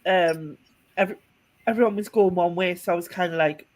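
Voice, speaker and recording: A woman's voice: lowish voice, brisk, darkish tone. A woman, telling a story in casual podcast chat, rambling with restarts and small laughs. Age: 40s. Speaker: podcast co-host.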